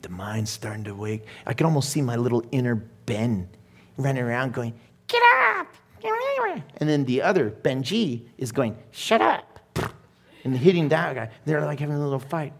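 A man's voice: mid-range voice, fairly quick, darkish tone, husky. A middle-aged male pastor preaching a sermon in a conversational way, with laughing asides and growing emphasis.

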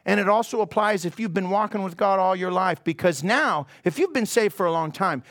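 A man pastor preaching a sermon, telling a story in an animated way and laughing often. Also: high-pitched, a little fast, hardly any pauses, no echo, clean studio sound.

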